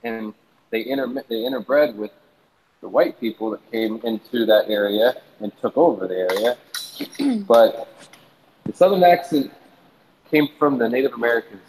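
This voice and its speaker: A man lectures his friends in loose, casual chat, playfully know-it-all and teasing. His pitch sits mid-range for a man. A faint hiss lies under the voice. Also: lively intonation, moderate pace, pauses often, darkish tone, poor audio.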